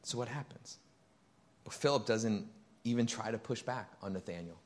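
Male pastor, sermon in church, conversational, animated delivery that climbs in pitch and volume. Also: normal speed. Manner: animated, rising loud and high when excited; conversational, acts out quoted dialogue.

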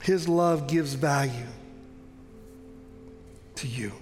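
A man preaching a sermon in church as pastor, earnest and emphatic, often slowing down and dropping to a soft hush. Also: on the high side, long reverb tail, soft background music.

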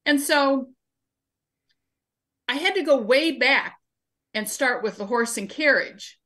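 A woman's voice: high voice, expressive, slow, fairly bright tone. A woman guest in an interview, explaining her civic training work through everyday examples and anecdotes. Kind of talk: conversational interview answers.

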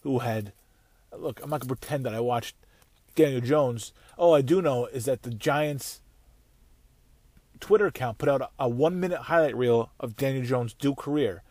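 A man in an angry, profane solo rant, circling back and restarting his sentences as he vents. His voice sits at an ordinary middle pitch, and the recording is dry and close with no room sound. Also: moderate pace, a little mellow, no echo. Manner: angry, swearing, rambling with restarts. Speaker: podcast host.

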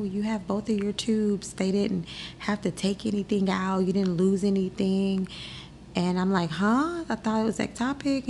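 Young woman podcaster, low voice with some fry, chatty and animated, little bit of hiss behind her. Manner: animated, acts out the voices of people in her story. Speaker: podcast host. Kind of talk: casual personal storytelling.

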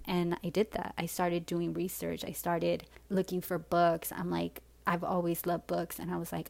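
Low, gravelly woman telling her story. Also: monotone, normal speed, a little mellow, no room sound. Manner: frank, swears freely, many fillers. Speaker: personal storyteller. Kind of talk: candid personal storytelling.

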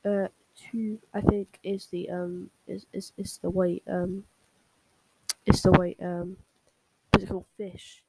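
A woman's voice: on the low side, little pitch movement, slow, vocal fry, a little mellow, slight background noise, poor audio. A young woman talking casually to her viewers and rambling with many fillers and restarts. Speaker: fan video host. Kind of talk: casual talk and reading fan fiction aloud.

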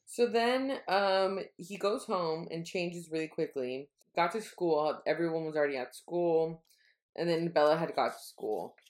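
Lower-voiced woman podcast co-host. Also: unhurried, reverberant. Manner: animated, laughing, reading passages aloud. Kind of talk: casual book-discussion chat.

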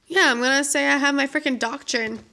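A woman's voice: high-pitched, steady tone, fairly quick, creaky, pushed and bright. A young woman co-hosting a podcast, chatting playfully and laughing easily. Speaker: podcast co-host. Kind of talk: casual chat.

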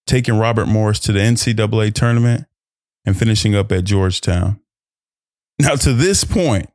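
A male podcast host with a lowish voice rambles through his intro in a loose, joking way, catching and correcting his own words as he goes. The sound is close and dry, recorded in a hotel room. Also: a little mellow, no room sound. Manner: playful, rambling and self-correcting.

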